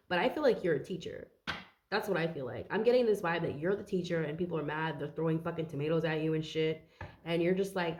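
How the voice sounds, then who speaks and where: A woman's voice: fairly low pitch, a little mellow. A young woman giving a casual, rambling tarot reading, out of breath and swearing now and then. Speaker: tarot reader.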